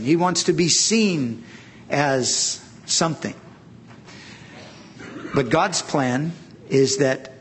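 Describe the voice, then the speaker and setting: Slow, earnest male preacher. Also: medium pitch, slight background noise. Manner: earnest, emphatic preaching with slow drawn-out pauses. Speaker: pastor. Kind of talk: sermon.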